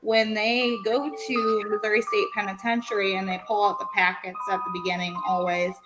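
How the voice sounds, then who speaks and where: A woman's voice: mid-range voice, flat delivery, normal speed, over loud music, rough recording. A woman co-hosting a casual podcast chat, giggly and chatty, drifting off on tangents. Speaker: podcast co-host.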